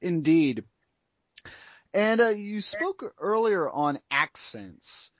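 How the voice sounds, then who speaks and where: A male interviewer asks long, halting questions and hesitates often as he builds toward his point. The recording is dry, with no room sound, and dull and lo-fi. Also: high-pitched, sing-song, dry recording. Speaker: interviewer, host.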